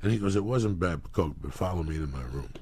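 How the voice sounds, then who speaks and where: A man's voice: sits low, fast, slight background noise. A middle-aged man telling profane stories in a casual talk, acting out the people he quotes. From New Jersey. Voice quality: gravelly. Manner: profane, animated storytelling with acted quotes. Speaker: storyteller guest. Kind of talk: casual storytelling.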